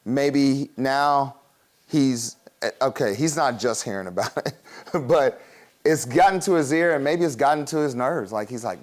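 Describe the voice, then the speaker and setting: A man preaching a sermon in an easygoing, conversational way. He laughs often and slips into quick acted voices while he teaches. His voice sits at a medium pitch. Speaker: pastor.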